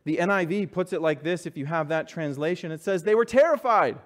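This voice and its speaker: A man preaching a sermon, earnest and emphatic, dropping soft and low when reading scripture and rising to stress his points. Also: lively intonation, a little fast. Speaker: pastor.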